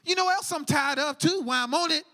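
A man preaching a lively sermon, swinging from shouts down to near whispers, full of casual slang. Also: very high-pitched, quick pace, in a large hall. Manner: energetic, shouting and dropping to a hush, casual slang. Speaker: pastor.

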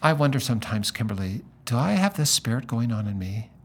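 A man's voice: medium pitch, big pitch swings, a little fast, slightly rough. A middle-aged male pastor talking about faith and telling a personal story, acting out the voices of people he quotes.

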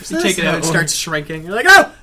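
A man co-hosting a casual podcast, telling deadpan absurd jokes. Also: on the high side, fast, a loud crowd. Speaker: podcast co-host. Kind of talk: casual chat.

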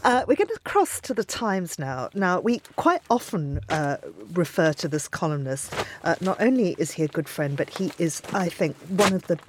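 Chatty woman radio host, lowish voice. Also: sing-song, moderate pace, hardly any pauses, slight background noise. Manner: chatty, teasing, lots of fillers. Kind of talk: radio newspaper review. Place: radio studio.

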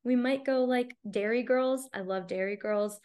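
A woman's voice: on the high side, moderate pace, a little mellow. A woman hosting a podcast, talking candidly in a casual chat and leaning on "like" a lot. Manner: chatty, candid, heavy use of "like". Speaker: podcast host.

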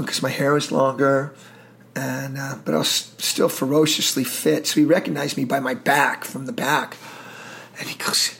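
A man's voice: mid-range voice, steady tone, moderate pace, vocal fry, long pauses, fairly bright tone. A middle-aged man telling war stories in an interview, intense, emotional and profane. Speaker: guest, military veteran. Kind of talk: storytelling interview.

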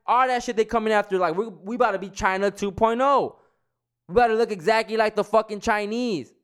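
A man's voice: sits high, a little fast, fairly bright tone, smooth. A young man ranting heatedly in a casual monologue, swearing often and restarting his sentences. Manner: heated, profane, repetitive restarts. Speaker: vlogger.

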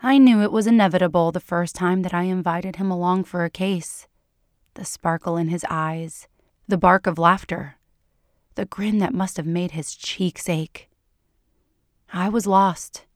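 A woman reading fiction aloud in a soft, hushed, unhurried way that sometimes drops to a whisper. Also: on the low side, fairly even intonation, no echo, studio quality. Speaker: audiobook reader.

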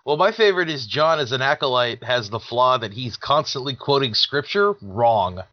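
A man's voice: mid-range voice, animated, moderate pace, no echo, muffled recording. Wry man chatting on a podcast. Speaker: podcast co-host. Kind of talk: casual group chat.

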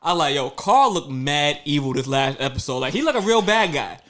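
A man chatting casually on a podcast, animated and slangy. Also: on the high side, brisk.

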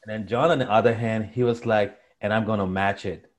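Lively low-voiced man telling a story. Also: fairly quick. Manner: animated storyteller, acts out quotes. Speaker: guest. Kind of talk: storytelling interview.

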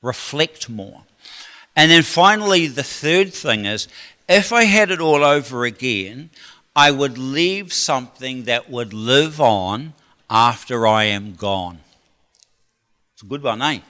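A man's voice: mid-range voice, animated, a little slow, pushed and bright. A man preaching a sermon in a chatty, rambling way, with joking asides to the congregation. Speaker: pastor. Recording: long hall reverb.

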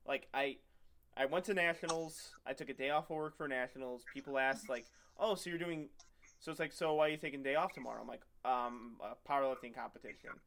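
A man's voice: medium pitch, fairly quick, vocal fry, a bit bright. A young man in casual podcast chat, telling long joking stories and acting out what other people say. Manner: rambling, joking storyteller who acts out other people.

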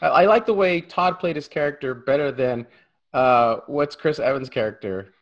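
Man, mid-pitched voice, eager podcast co-host, stammers, repeats words, muffled sound. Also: normal speed. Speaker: film review podcast co-host. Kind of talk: casual film chat.

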